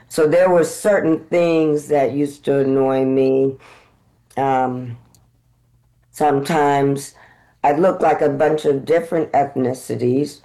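An American woman actor, a guest in an interview, telling lively stories and acting out the dialogue in them. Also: a bass voice, low-quality recording. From United States. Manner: animated, acts out dialogue in her stories. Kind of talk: conversational interview storytelling.

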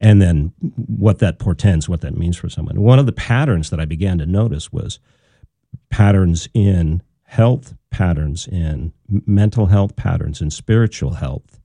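A middle-aged man with a very low voice, talking as a guest on a radio show. His tone is mellow and warm, and he thinks aloud, circling back with fillers and small restarts. The sound is dry and close. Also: unhurried, creaky, breathy edge, no room sound. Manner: thoughtful, loose with restarts and fillers. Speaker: guest, communication researcher. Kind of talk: casual radio interview.

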